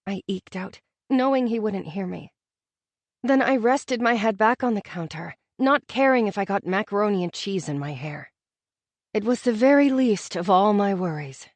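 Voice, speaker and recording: A woman narrating a romance audiobook in the first person, expressive and intimate in her storytelling. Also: mid-range voice, moderate pace, no room sound.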